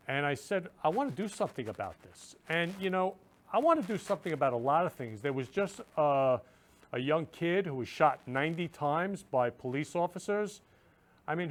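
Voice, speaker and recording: A man hosting his own show, talking earnestly and effusively to viewers, repeating himself often. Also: medium pitch. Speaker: show host. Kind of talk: casual talk to viewers.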